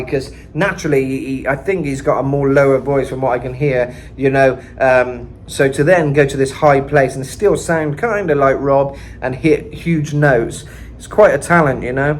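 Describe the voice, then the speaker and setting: A man's voice: mid-range voice, a little hiss or hum. A British man giving a casual vocal lesson, chatting and thinking aloud with lots of fillers. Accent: British English. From Britain. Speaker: vocal coach. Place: home in Mexico.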